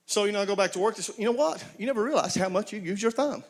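A man's voice: sits high, rapid-fire. A man preaching a sermon, folksy storytelling with call-and-response to his congregation. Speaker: pastor.

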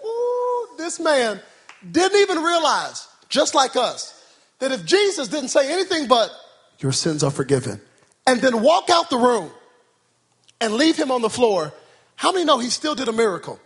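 A man preaching a sermon in a church, calling out to the congregation and rising into shouted, sing-song cadences. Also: very high-pitched, very animated, moderate pace, breathy edge. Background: soft music.

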